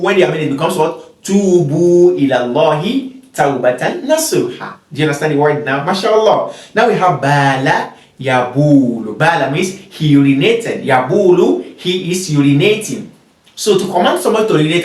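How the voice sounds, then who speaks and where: A man teaching an Arabic grammar lesson, reading example words, translating them, repeating them and checking whether his listeners understand. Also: a little high. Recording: roomy echo, mic at a distance.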